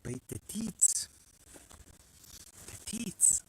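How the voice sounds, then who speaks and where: A man's voice: sits high, big pitch swings, very slow, a little mellow, slight background noise, pitched above the performer's own voice, exaggerated voice, low-quality recording. A man doing a mock film-quote accent. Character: man quoting a mocked foreign accent from a film.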